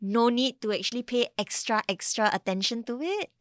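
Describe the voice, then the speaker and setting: A woman's voice: a little high, normal speed, no room sound, clean studio sound. A woman in her thirties with a Singaporean English accent, a podcast guest chatting casually and acting out the quotes in her stories. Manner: animated storytelling, acts out quotes.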